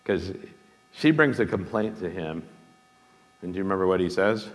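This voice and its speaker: A man with a very low voice gives an informal talk, thoughtful and emphatic, often pausing on fillers and restarting his phrases. His voice carries a long reverb, as in a large hall. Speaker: guest speaker, seminary dean. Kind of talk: informal lecture with questions.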